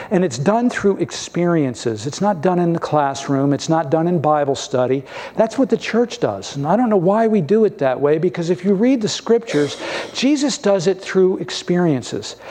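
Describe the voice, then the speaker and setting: Brief: male pastor, somewhat high voice, storytelling sermon with light humor. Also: expressive, moderate pace. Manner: storytelling preacher with gentle humor.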